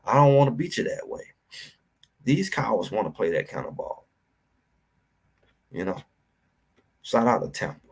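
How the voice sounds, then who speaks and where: A man hosting a livestream and ranting about college football, addressing his chat directly in an animated, preachy way. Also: mid-range voice, normal speed, long pauses, husky. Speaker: sports talk host. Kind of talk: livestream sports commentary.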